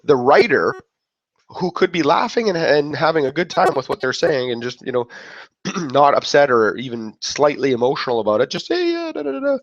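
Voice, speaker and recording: A man's voice: medium pitch, moderate pace, dry recording. A man giving a casual motivational talk, rambling and breaking off mid-thought, acting out other people's reactions. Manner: rambling, self-interrupting, acts out quoted reactions. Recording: dull lo-fi dry sound.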